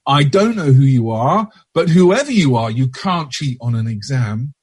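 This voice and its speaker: A man's voice: mid-range voice, lively intonation, moderate pace, darkish tone, husky, no room sound. A man acting out the lines of a stern woman supply teacher who scolds firmly. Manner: firm, scolding.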